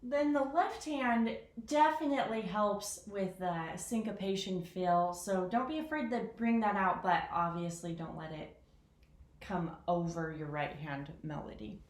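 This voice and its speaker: A woman talking casually through how she practices a piano piece, chatty and self-deprecating, counting rhythms out loud. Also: mid-range voice, unhurried. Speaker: piano teacher. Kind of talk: casual piano lesson vlog. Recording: echoey room with piano. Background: piano playing.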